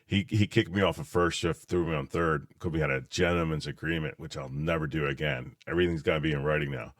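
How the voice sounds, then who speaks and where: Man, podcast host, very low voice, animated storyteller, dry sound. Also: fast talker, dry recording. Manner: animated storyteller, laughs often, calls people dude. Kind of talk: casual chat.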